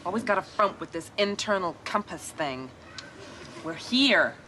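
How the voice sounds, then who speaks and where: A woman's voice: on the low side, lively intonation, measured pace, sharp tone. An actress playing a visiting tourist woman, teasing and a little flirty. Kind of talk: sitcom acting. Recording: noisy TV sitcom audio.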